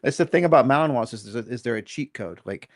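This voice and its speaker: A man's voice: mid-range voice, lively intonation, quick pace, dry recording. A middle-aged man, a dog trainer and guest, telling a story in a candid, self-critical way and swearing casually.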